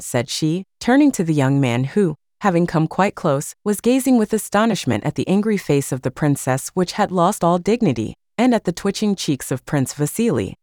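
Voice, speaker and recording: A woman reading a classic novel aloud as an audiobook narrator, measured and expressive. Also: on the low side, no echo, clean studio sound.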